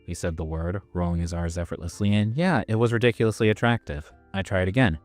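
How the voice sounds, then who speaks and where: A man's voice: sits low, quick pace, hardly any pauses, dry recording, soft background music. A man narrating a story in the first person, in a casual, self-mocking manner.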